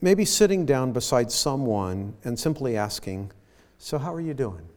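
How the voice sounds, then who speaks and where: Male pastor mid-sermon, unhurried and halting, echoing church hall. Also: medium pitch, very animated, a little mellow. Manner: slow, halting with repeated words. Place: church sanctuary.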